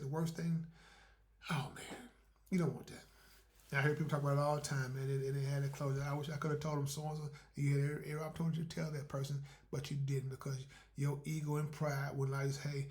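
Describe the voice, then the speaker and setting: A man with a fairly high, somewhat dark voice hosts his own podcast as a casual solo monologue. He's folksy, repeating words and acting out little dialogues.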